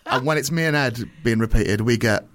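A man's voice: mid-range voice, a little fast, over loud music. A man, a comedian and podcast host, telling anecdotes in casual chat, swearing freely and acting out what others said. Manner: animated storyteller, swears freely, acts out quoted voices.

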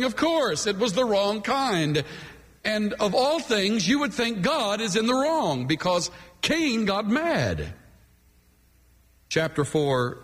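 A man's voice: high-pitched, fairly bright tone. A man preaching a sermon from the pulpit, emphatic and dramatic, leaning hard on key words. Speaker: pastor. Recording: long hall reverb.

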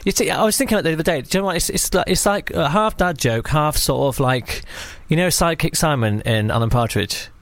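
A man's voice: on the high side, fast, few pauses, a bit bright, dry recording. A man co-hosting a casual comedy chat, teasing his partner with dry banter. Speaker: co-host.

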